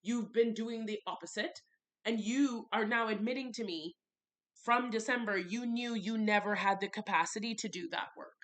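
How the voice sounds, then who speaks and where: A woman's voice: on the high side, normal speed. A young woman vlogging a candid, frustrated story about her relationship, ranting and repeating herself for emphasis. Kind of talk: confessional storytime vlog.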